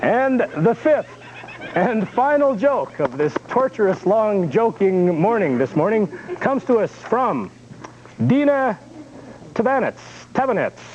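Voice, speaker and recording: A man's voice: high-pitched, slow pace. A man hosting a TV show, reading out viewer jokes and local announcements in a chatty, jokey way. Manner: chatty, jokey, animated delivery. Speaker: kids' TV show host. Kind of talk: on-air joke reading and announcements. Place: TV studio. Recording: dull lo-fi 1980s VHS TV recording with faint hiss.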